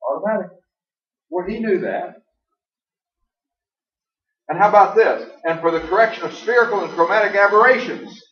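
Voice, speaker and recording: Man preaching, fairly high voice, emphatic and folksy, distant dull church recording. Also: animated, fairly bright tone, echoey room. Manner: emphatic, folksy, quotes aloud with slow stress. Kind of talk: sermon. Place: church hall.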